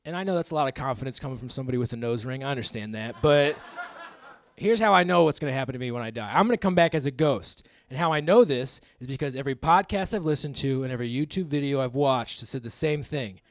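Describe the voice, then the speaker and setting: A man in his thirties doing live stand-up comedy on a club stage, crude and self-mocking, with quick asides to the crowd. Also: medium pitch, no room sound, clean studio sound. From American Midwest.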